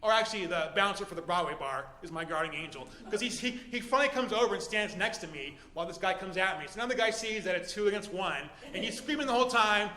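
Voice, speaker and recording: A man telling a comic true story to a live audience, with animated, exaggerated outrage. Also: sits high, quick pace, few pauses, roomy sound, in a large hall. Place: theater stage with live audience.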